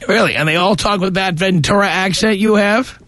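A man's voice: high-pitched, fairly quick, pushed and bright. A man hosting a call-in radio show, talking bluntly and condescendingly to a caller. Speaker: radio talk show host.

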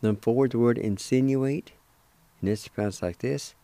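On the radio, a man teaches a language lesson, spelling and pronouncing words one syllable at a time in a slow, deliberate manner. His voice is mid-range and mellow, and the recording is dry.

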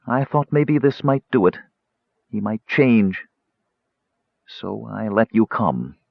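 A man voicing a young barmaid, bitter and tearful, with his pitch pushed up. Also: expressive, takes it slowly, vocal fry, slightly rough, no echo, heavily acted. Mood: pleading. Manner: raised, strained pitch, emotional. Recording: slightly dull audiobook recording.

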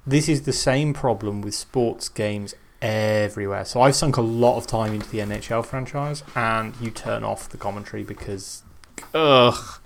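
A man's voice: on the low side, moderate pace, vocal fry, few pauses, a little hiss or hum. A man co-hosting a podcast, dry and steering the conversation. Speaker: podcast co-host. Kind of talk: casual chat.

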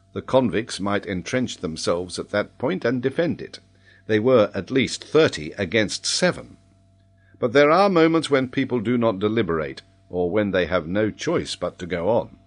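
Measured male audiobook narrator. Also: on the low side. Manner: measured, even reading.

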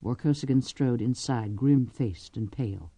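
A woman narrating a novel aloud with expressive, lively storytelling. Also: extremely low pitch, moderate pace, no room sound. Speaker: audiobook narrator. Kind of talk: scripted narration.

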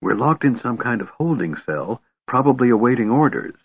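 An excitable little kender with a quick, eager manner and a breathy, raised voice, as a male narrator puts him on. He stammers when scared. The sound is tinny and narrow, like over a phone line. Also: mid-range voice, pitched above the performer's own voice. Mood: hushed, eager. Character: small excitable kender man, curious. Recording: tinny narrow-band recording.

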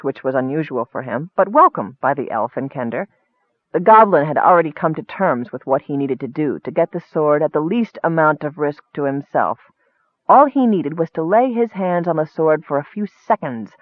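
A man's voice: a little high, dry recording. Man narrating a fantasy story. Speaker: audiobook narrator. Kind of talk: scripted narration. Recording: tinny phone-like sound.

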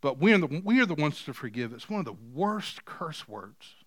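A male pastor preaching a sermon, moving from quiet scripture reading to loud, emphatic points. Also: on the high side, sing-song, normal speed, no echo, clean studio sound. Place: church.

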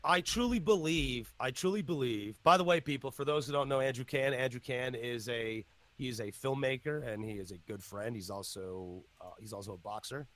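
A man hosting a casual podcast, excitable and profane, jumping between topics. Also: mid-range voice, brisk, few pauses. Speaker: podcast host.

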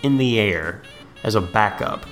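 A man's voice: on the low side, lively intonation, a bit bright, soft background music. A man co-hosting a podcast, recapping a movie in casual chat and acting out characters' lines. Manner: acts out characters' lines in quick voices. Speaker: podcast co-host.

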